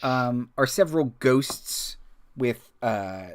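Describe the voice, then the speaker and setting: Casual dungeon master, man, slow halting delivery, mid pitch, lots of fillers. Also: animated. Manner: hesitant, many ums and uhs, laughs often. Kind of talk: narrating a tabletop game.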